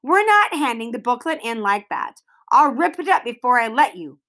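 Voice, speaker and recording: A woman's voice: a little high, big pitch swings, moderate pace. A woman doing a hot-tempered schoolboy. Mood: angry. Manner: loud and blustering. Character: hot-tempered fourth-grade boy.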